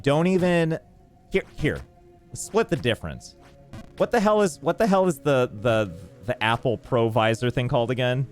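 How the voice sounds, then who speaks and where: A male streamer chatting casually over his gameplay, telling animated, ranting stories. His mid-pitched voice swings widely up and down, and quiet game music plays underneath. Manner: animated ranting storyteller, reads chat.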